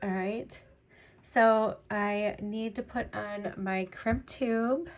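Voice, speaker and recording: A woman's voice: medium pitch, fairly even intonation, extremely slow. Beading host, woman, middle-aged, loose chatty delivery full of fillers. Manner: chatty, many fillers, rambling. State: choked up, teary. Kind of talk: casual chat while beading.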